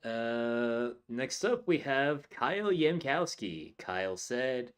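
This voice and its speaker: A man's voice: mid-range voice, very animated, slow. A man co-hosting a comedy podcast, reading out listener jokes from the chat with laughs in casual talk.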